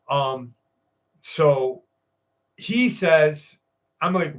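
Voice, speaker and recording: A man's voice: a little high, takes it slowly, long pauses. Profane rambling American storyteller man. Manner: profane, rambling, many fillers and restarts. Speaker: guest telling a personal encounter story. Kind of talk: casual storytelling.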